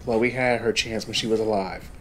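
Chatty young gamer. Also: male voice, on the low side, heavy background noise. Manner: chatty, addresses viewers directly. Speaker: gaming channel host. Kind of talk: let's play commentary.

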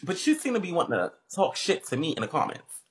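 A woman's voice: lowish voice, wildly swooping pitch, quick pace. A woman livestreamer ranting at her viewers in a brash, profane and confrontational way, mocking the comments.

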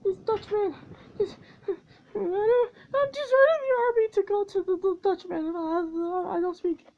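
A woman's voice: unhurried, highs cut off. Woman doing a wailing panicked soldier. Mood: sobbing. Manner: sobbing, high-pitched whining.

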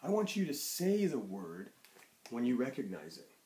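A man's voice: medium pitch, wildly swooping pitch, normal speed, mellow. A male teacher giving a playful, encouraging phonics lesson to young children. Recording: echoey room.

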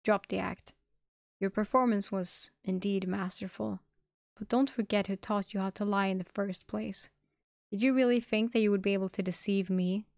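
A woman's voice: mid-range voice, steady tone, normal speed, gravelly, darkish tone, dry recording, studio quality, close to an everyday voice. Woman reading as a furious, bitter young man. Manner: snarling, accusing.

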